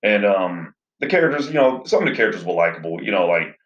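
A man's voice: deep voice, very animated, quick pace, fairly bright tone. A man casually recapping a movie plot in a rambling way, full of fillers. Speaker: movie reviewer. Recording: roomy, slightly dull sound.

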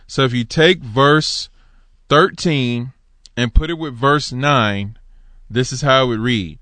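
A man giving an informal Bible teaching in an animated, conversational way, asking his listeners rhetorical questions and reading passages aloud. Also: medium pitch, measured pace, clean tone, dry recording. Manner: reads scripture aloud.

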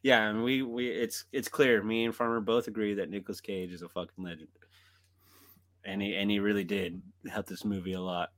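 A man's voice: fairly low pitch, steady tone, brisk. A man co-hosting a podcast, chatting casually about movies, laughing often and swearing freely. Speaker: podcast co-host. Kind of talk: casual chat.

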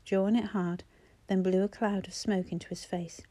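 A woman narrates a novel in scripted storytelling, her delivery steady and expressive. The voice is warm and mellow, with a mid-range pitch. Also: moderate pace, few pauses. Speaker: audiobook narrator.

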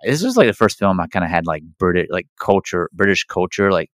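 A man's voice: low-pitched, sing-song, a little fast, a bit bright, no echo. A man co-hosting a podcast, chatting casually about a movie in a rambling way, with lots of fillers and restarts. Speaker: podcast co-host.

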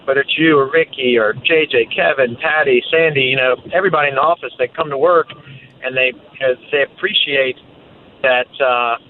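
A man in his thirties with a Southern US accent, a guest talking casually over the phone in a relaxed, hesitant way with many fillers. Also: medium pitch, brisk, slight background noise. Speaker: guest, track executive. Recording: tinny phone line.

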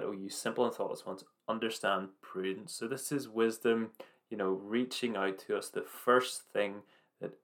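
A man giving an earnest, informal devotional talk, reading scripture aloud with halting restarts and slow emphatic phrases. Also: fairly low pitch, a bit bright. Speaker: preacher.

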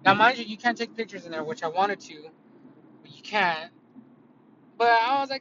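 A man's voice: high-pitched, animated, moderate pace, pauses often. A man telling a story in a casual, rambling way, swearing a lot and using many fillers, recorded inside a car. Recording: dull lo-fi audio with loud car noise.

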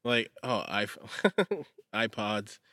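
A man co-hosting a podcast in casual chat, playful and giggly, his voice jumping up when he gets excited. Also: lowish voice, extremely slow, no echo. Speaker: podcast co-host.

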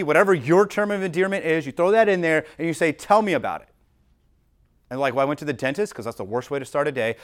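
Guy preaching at church, kinda high voice, chatty and animated, lots of "like"s. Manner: conversational, animated preaching with many "like" fillers. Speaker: pastor. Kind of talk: sermon.

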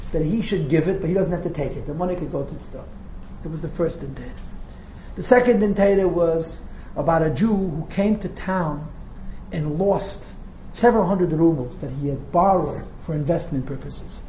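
Teacher, male, lively storyteller with asides, roomy classroom sound, faint hiss. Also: fairly high pitch. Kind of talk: storytelling lecture. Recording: roomy echo with faint noise.

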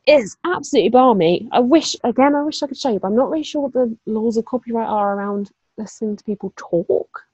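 A woman's voice: fairly high pitch, fast, few pauses, darkish tone, husky, no echo, muffled recording. A young woman co-hosting a podcast, chatting casually with plenty of fillers, asides and the odd swear word. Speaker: podcast co-host. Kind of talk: casual chat.

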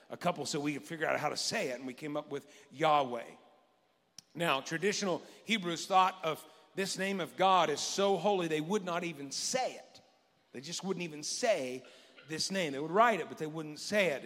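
Pastor, man, high bright voice, emphatic delivery, echoing church hall. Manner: emphatic preaching, rising to shouts, chuckles often. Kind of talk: sermon. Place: church sanctuary.

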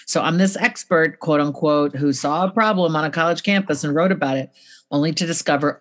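A woman's voice: sits low, brisk. A middle-aged woman, an author and guest, speaking in an interview in a blunt and earnest explaining manner. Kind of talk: interview conversation.

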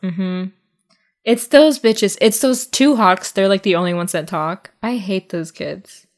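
This young adult woman is co-hosting a podcast, chatting in a relaxed, lively way and laughing often. Her voice sits in the mid range and she takes her time.

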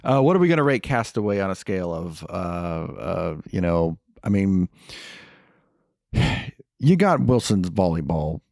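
A man co-hosting a casual movie podcast, jokey and animated, with lots of fillers. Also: deep voice, a little slow, gravelly, dry recording, clean studio sound. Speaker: podcast co-host.

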